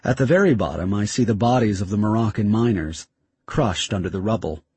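Husky male audiobook narrator. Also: lowish voice, expressive, fairly quick, darkish tone, no echo. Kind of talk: first-person story narration.

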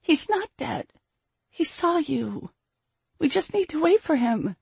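Young daughter, tearful and stubborn, pitched high, read by a woman narrator. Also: sing-song, takes it slowly, vocal fry, darkish tone, dry recording, full character voice. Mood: tearful pleading. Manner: pleading, high and shaky.

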